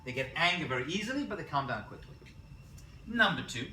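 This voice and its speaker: A man teaching a college class as a rabbi, lively and quizzing his students, correcting himself as he goes. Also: fairly high pitch, fast talker, noisy background. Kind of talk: classroom lecture. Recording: roomy classroom picked up from a distance.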